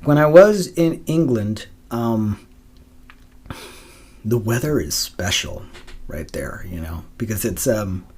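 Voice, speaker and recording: A man talking unhurriedly on his own podcast, drawing his words out at a slow, easy pace. He wanders from thought to thought with plenty of ums, swears freely, and keeps laughing at his own asides. The pitch of his voice sits in the middle range. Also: darkish tone. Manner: rambling, profane, laughs often, many fillers. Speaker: podcast host. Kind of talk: casual solo monologue.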